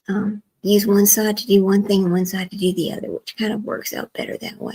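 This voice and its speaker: A woman's voice: mid-range voice, level tone, brisk, few pauses, warm tone, husky, poor audio. A woman hosting a livestream in a casual chat, talking to herself while she works her screen, often dropping to a near whisper. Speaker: livestream host.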